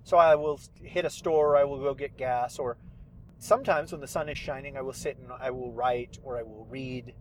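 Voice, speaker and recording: A man's voice: mid-range voice, fairly even intonation, moderate pace, a little hiss or hum. A middle-aged man hosting a podcast, talking casually and rambling with self-deprecating asides, from a parked car. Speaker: podcast host and fiction writer. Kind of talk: casual solo monologue.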